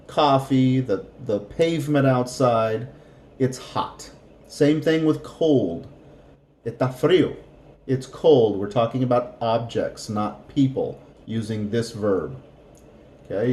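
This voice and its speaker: A man gives a beginner language lesson in an unhurried, patient way, saying each word again and again for practice. His voice is mellow and mid-pitched. The room around him is echoey. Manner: slow, patient, repeats words for practice. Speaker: Spanish teacher.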